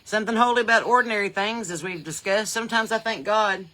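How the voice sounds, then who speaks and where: Out on her porch with a phone on a holder, a podcast host with a Southern American accent does a casual livestream chat. She talks fast at a medium pitch, folksy and loose, laughs often, and swings between loud and soft.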